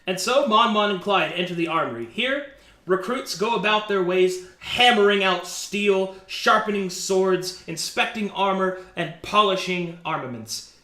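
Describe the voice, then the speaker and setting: A man's voice: high voice, a little slow, pushed and bright, reverberant. A man narrating as game master for a tabletop game in a casual, chuckling way.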